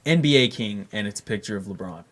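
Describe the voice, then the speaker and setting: A man's voice: fairly low pitch, animated, fast talker, a bit bright. A man co-hosting a casual podcast chat, playfully setting up jokes and laughing at them. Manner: storytelling, playful, laughs at his own jokes. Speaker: podcast co-host.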